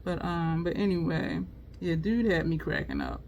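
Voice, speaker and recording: The audio is dull and faintly noisy as a beauty vlogger with vocal fry works on her makeup at a moderate pace. She tells a humorous story in a chatty, laughing way, her pitch rising and falling with energy.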